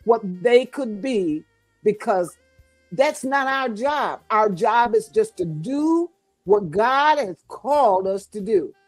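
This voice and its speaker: A woman's voice: a little high, very animated, slow pace, no room sound, soft background music. A middle-aged woman, a guest author, speaking to mothers in a fervent, repetitive, preaching style.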